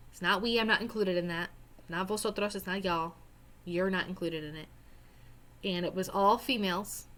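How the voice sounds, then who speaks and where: A woman's voice: medium pitch, fairly bright tone. A young woman teacher, patiently talking students through a screen-recorded language worksheet and spelling words out. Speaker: Spanish teacher. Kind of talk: screen-recorded lesson walkthrough.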